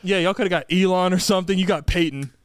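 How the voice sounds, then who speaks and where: A man's voice: high-pitched, fast, clean tone, no room sound. A young man co-hosting a podcast in casual chat, goofy and self-mocking. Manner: goofy, self-mocking, says "dog" a lot. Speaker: podcast co-host.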